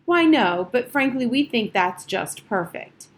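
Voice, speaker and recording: A woman's voice: fairly high pitch, expressive, measured pace, pitched above the performer's own voice. Smug self-satisfied woman, voiced by a female narrator, gushing, a little raised, audiobook voice. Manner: gushing, pleased with herself.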